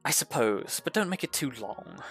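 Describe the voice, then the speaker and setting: A man's voice: medium pitch, very animated, normal speed, creaky, fairly bright tone, slightly rough, no echo, soft background music, heavily acted. A man voicing a stern, important female investigator who speaks curtly and formally. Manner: curt and formal.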